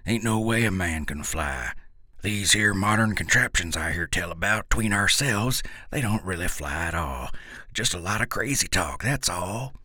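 Brief: man playing a cranky old hillbilly uncle in a storybook reading; gruff, husky, curt. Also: low voice, expressive, moderate pace, sharp tone, dry recording, clean studio sound, full character voice. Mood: grumbling.

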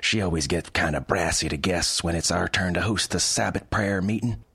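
A man's voice: low-pitched, fairly even intonation, moderate pace, vocal fry, sharp tone, husky, dry recording, clean studio sound, heavily acted. A man voicing an easygoing young hillbilly creature son in a storybook reading. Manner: easygoing, folksy.

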